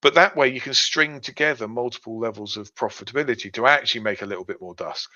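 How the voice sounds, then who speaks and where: A man's voice: mid-range voice, quick pace, pushed and bright. Guy explaining stuff with lots of ums, kinda dull lo-fi recording. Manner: explains step by step, many fillers. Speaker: podcast co-host. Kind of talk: casual explanatory chat. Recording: dull lo-fi sound.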